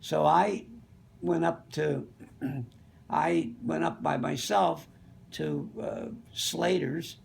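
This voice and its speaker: A man's voice: on the high side, vocal fry. An older man from the Pittsburgh area telling rambling, fond anecdotes in a casual way. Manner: rambling, fond, with many you-knows. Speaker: storyteller.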